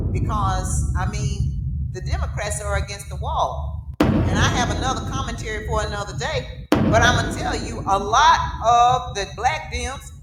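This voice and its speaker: Middle-aged Southern woman commentator, forceful and opinionated, rhetorical asides; recorded in an echoey room over loud music. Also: fairly high pitch. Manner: emphatic, punctuates points with rhetorical "okay?" and "right?". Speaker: political commentator.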